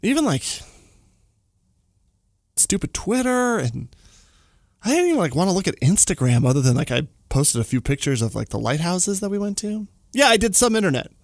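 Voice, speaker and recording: A man's voice: moderate pace, no echo, studio quality. A man hosting a casual solo podcast, telling a trip story and ranting, with big jumps in his voice. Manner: animated, exaggerated jumps in pitch when ranting. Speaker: podcast host.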